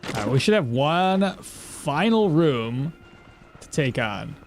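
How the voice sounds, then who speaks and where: A man's voice: on the high side, sing-song, takes it slowly, faint music behind. A man chatting casually on a live stream, talking to himself and answering chat while he plays. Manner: chatty, talks to himself and reads chat aloud. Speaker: game streamer.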